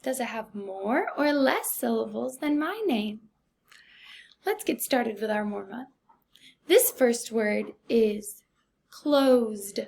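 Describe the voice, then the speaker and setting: A woman teaching a recorded first grade phonics lesson, speaking slowly and deliberately in an encouraging teacher's way. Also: fairly high pitch, expressive, gravelly, a little mellow.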